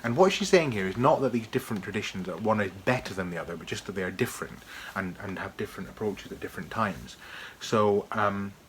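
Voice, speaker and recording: Brief: a man with a fairly low voice, chatty and keen, reviewing books for his channel, with faint room ambience. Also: expressive, brisk, a little hiss or hum. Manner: chatty, enthusiastic, with restarts. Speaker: book reviewer. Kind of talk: casual video review.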